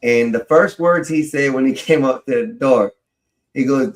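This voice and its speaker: A man's voice: medium pitch, normal speed. A man telling a long personal story in a casual way, swearing freely and laughing as he goes. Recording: roomy echo.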